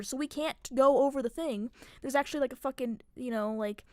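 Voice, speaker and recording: A woman's voice: high-pitched, a little fast, few pauses, a little mellow, no echo, clean studio sound. A young woman streamer telling a story casually and with animation, swearing often as she goes.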